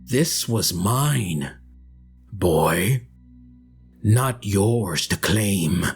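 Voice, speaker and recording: A looming ancient archfey growls out his warnings in a low, unhurried voice, as a man puts him on. He sounds possessive and threatening. Faint music plays underneath. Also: steady tone, darkish tone, slightly rough, full character voice. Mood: menacing. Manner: low, slow, menacing.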